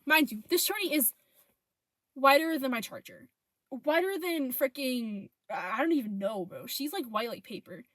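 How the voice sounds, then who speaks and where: Young woman, storytime vlog, cursing, animated, fairly high voice, dry sound. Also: moderate pace, dry recording. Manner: profane, animated retelling of texts.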